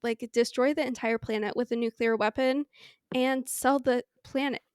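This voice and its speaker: A woman's voice: on the high side, fairly even intonation, moderate pace, darkish tone, smooth, dry recording, studio quality. A woman co-hosting a podcast in casual chat, rambling with many "like" fillers and rhetorical questions. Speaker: podcast co-host.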